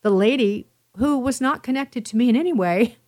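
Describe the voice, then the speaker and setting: A woman host with a fairly high voice speaks at a normal speed in a casual monologue straight to her listeners. She tells stories animatedly, using emphatic repetitions.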